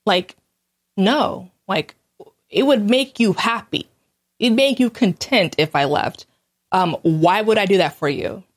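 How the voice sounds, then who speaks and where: A woman talking alone in a casual monologue, blunt and candid, recounting things in an animated way, with quick restarts and small laughs. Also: medium pitch. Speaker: host.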